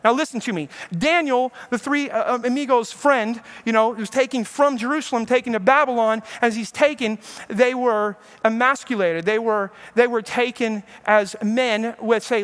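Pastor, male, high voice, lively storytelling preacher who plays out the quotes. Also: moderate pace, hardly any pauses. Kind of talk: sermon.

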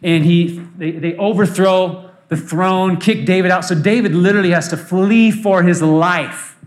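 A man's voice: sits high, steady tone, unhurried, reverberant. A man preaching a sermon, telling a story with energy and acting out the voices of the people in it. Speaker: pastor. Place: church.

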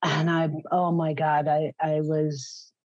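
A woman's voice: low-pitched, little pitch movement, slow, darkish tone, no echo. A middle-aged woman giving a raw, blunt personal testimony in an interview, swearing freely. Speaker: guest sharing her story. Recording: slightly muffled, dry recording.

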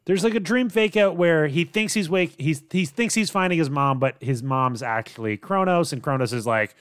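A man co-hosting a casual podcast, recapping plot in a relaxed way and laughing often. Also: a little high, moderate pace, hardly any pauses, smooth, no echo, studio quality. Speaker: podcast co-host. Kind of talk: casual chat recapping a TV show.

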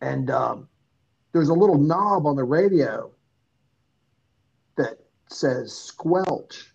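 A man's voice: a little high, lively intonation, slow, gravelly, pauses often, darkish tone, breathy edge. A man calling in to a talk show, telling a rambling story with many ums and restarts over a phone. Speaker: caller. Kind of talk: casual call-in chat. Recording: dull lo-fi phone audio.

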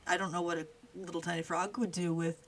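A woman's voice: on the low side, little pitch movement, quick pace, a little hiss or hum, rough recording. A young woman co-hosting a podcast, casually retelling a fairy tale with profane jokes. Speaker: podcast co-host. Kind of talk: casual comedic storytelling.

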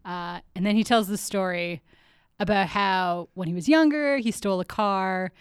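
A woman's voice: mid-range voice, normal speed, smooth, dry recording, studio quality. A woman co-hosting a podcast, casually recapping a TV episode with frequent laughs and filler words. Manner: laughs often, lots of likes and uhs. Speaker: podcast co-host.

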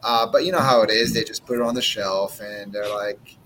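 A man's voice: lowish voice, fairly even intonation, a little fast, bright, forceful tone, a little hiss or hum, rough recording. A man in his forties who owns a cigar brand, telling blunt, profane stories in a casual interview chat. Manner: blunt, profane, brash storytelling.

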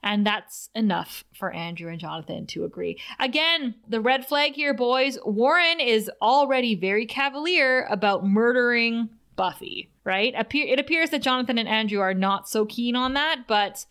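Woman co-host, a touch high, lively recap voice, salty language. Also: normal speed, hardly any pauses, clean tone. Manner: animated, swears freely. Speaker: podcast co-host. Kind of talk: casual episode recap.

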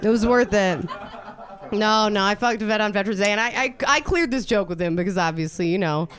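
Talking fast in a mid-range, slightly bright voice, a woman does brash, crude stand-up on a club stage. She works the audience with a handheld mic while they laugh, and the live club recording carries crowd noise.

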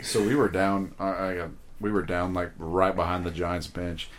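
Man, low voice, animated storyteller, faint room noise. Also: moderate pace. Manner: animated storyteller, swears, acts out quotes. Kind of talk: casual chat.

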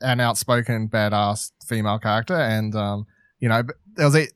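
A man co-hosting a casual film podcast, animated, tripping over his words and swearing freely. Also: fairly low pitch, a little fast, clean tone, no echo, clean studio sound. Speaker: podcast co-host.

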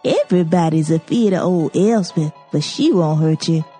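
A menacing old hag, put on by a woman reading aloud whispers in a rough, breathy dialect. Her pitch swings widely between low mutters and high taunts. The tone stays dark and husky throughout, as in a storybook reading. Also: animated, moderate pace, soft background music. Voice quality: dialect speech, whispering, cackling. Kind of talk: audiobook character voice.

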